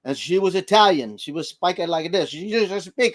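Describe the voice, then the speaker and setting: A middle-aged grandfather co-hosting a casual livestream chat, telling animated family stories and acting out voices. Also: high voice, brisk. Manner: animated storyteller who acts out voices. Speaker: livestream co-host.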